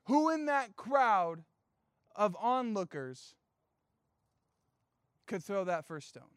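High-voiced animated young preacher. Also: male voice, slow pace, clean tone, no echo, clean studio sound. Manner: animated storytelling with playful asides and slang. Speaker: youth pastor. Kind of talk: sermon.

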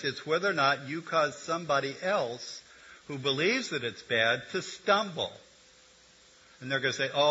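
Bright-voiced older man preaching. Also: a little high, slightly rough. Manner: conversational teaching with humor and asides. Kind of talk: sermon. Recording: dull lo-fi recording.

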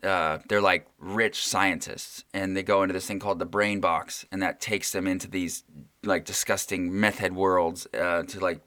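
A man's voice: sits low, steady tone, moderate pace, pushed and bright, no room sound. A man hosting a casual chat, wry and rambling as he tells a story.

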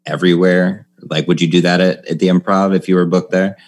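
Male podcast host, deep and even delivery, relaxed and hesitant questions. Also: a little fast. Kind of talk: interview questions.

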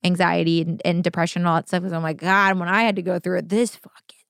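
A woman co-hosting a casual podcast chat, gushing and animated, swearing now and then. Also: lowish voice, quick pace, vocal fry, smooth, no echo, studio quality. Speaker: podcast co-host.

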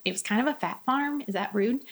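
A woman's voice: a little high, quick pace, slight background noise. A woman, telling a personal story as an interview guest in a candid, chatty way with many quoted asides. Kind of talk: personal testimony in casual conversation.

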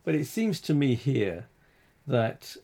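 A man co-hosting a talk show, giving halting, critical opinions with many restarts. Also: medium pitch, very animated, dark tone. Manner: halting, restarts, rising when frustrated. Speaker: podcast co-host. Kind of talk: casual critical discussion.

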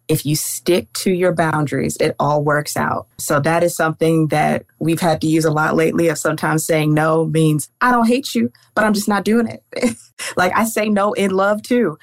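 A young woman speaking as an interview guest, giving advice in a calm, measured manner. Her voice is low for a woman. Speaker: lawyer and guest. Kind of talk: casual interview chat.

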